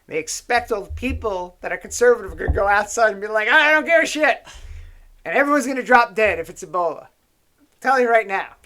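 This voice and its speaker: Rambling, profane man. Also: sits high. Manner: rambling, profane, animated storytelling. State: tipsy on whiskey. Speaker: show host. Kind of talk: casual political chat.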